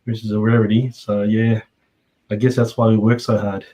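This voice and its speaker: A man with an Australian accent, a guest on a podcast, talking in a relaxed, wry way. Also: on the low side, moderate pace, rough recording. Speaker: guest belt maker. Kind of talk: casual interview chat.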